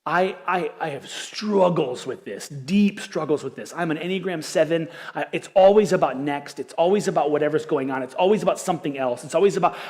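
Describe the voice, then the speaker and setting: A male pastor preaching a sermon in an earnest, animated way, with self-deprecating asides. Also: on the high side. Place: church auditorium. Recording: long reverb of a church hall.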